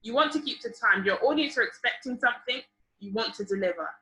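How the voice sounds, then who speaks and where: A young woman leading a public speaking workshop over a video call, lively and encouraging, often asking the group questions. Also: fairly high pitch, fast. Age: young adult. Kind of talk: online seminar teaching. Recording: roomy video call audio.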